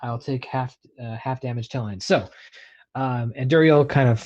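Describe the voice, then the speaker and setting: A man plays his turn in a tabletop game, describing his character's actions in a loose, rambling way and laughing often. His voice sits at a middle pitch and comes through a dull, muffled lo-fi mic. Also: normal speed, a little mellow, a little hiss or hum. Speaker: player.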